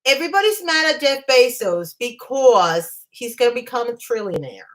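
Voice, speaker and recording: A woman's voice: a little high, very animated, moderate pace, fairly bright tone. A woman hosting a casual livestream, talking in a chatty, emphatic way and reacting to her live chat. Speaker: livestream host.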